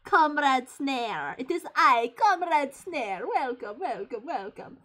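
Gal doing a bad fake russian accent, pompous cult comrade, lower and slow, drawn out. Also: female voice, sing-song, fairly bright tone, full character voice. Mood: grandiose. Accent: put-on Russian, poorly done.

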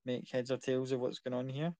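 A man's voice: medium pitch, level tone, fairly quick, mellow, a little hiss or hum. A man narrating a tabletop game as game master, in a casual, loose style.

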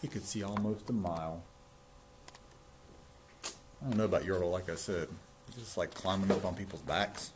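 Low-voiced man reading a storybook aloud. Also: moderate pace, pauses often, noisy background. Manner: chatty, playful asides to kids. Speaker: storybook reader for children. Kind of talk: reading a picture book aloud with asides.

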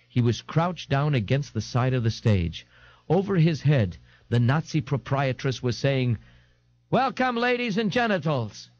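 Expressive male reader for a comic novel, lively delivery, lo-fi. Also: mid-range voice, no echo. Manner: expressive, animated. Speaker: audiobook narrator. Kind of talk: dramatic audiobook reading. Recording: dull lo-fi 1980s audiobook tape.

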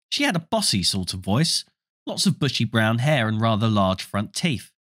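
Male audiobook narrator, animated storybook reading, dry booth sound. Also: on the low side, normal speed, dry recording. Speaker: audiobook reader.

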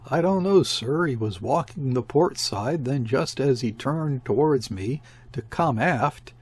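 A man's voice: mid-range voice, lively intonation, a little slow, a little mellow, breathy edge. A man voicing a nervous male sailor at the helm, speaking in a rattled, jittery way.

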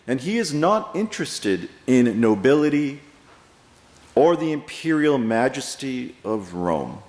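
A male pastor preaching a sermon, telling stories in a measured way with pauses and stressed words. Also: medium pitch. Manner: measured storytelling with pauses and emphasis. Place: church sanctuary. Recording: echoey hall with long reverb.

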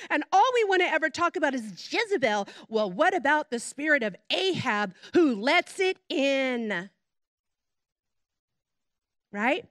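A middle-aged woman, a pastor's wife, preaching a sermon with animated storytelling and chatty asides. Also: extremely high pitch, no room sound, clean studio sound.

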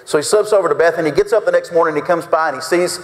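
A man's voice: fairly high pitch, very fast. A male pastor preaching a folksy sermon, acting out quotes with big swings in his voice. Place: church sanctuary. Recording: reverberant church sanctuary.

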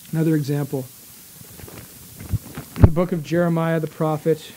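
A man preaching a sermon in a small church, earnest and emphatic, slowing down and pausing to stress his points. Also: on the high side, darkish tone, poor audio. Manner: earnest, slow emphatic delivery with pauses.

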